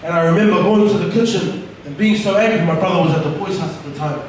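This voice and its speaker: A young man tells his life story in an earnest, candid way, his voice pitched notably high. He sounds set back from the mic in a very echoey room, with a faint hiss of noise behind him. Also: quick pace, far from the mic. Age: young adult. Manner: earnest and candid, with frequent restarts. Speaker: speaker giving a personal testimony. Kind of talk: personal testimony told to an audience.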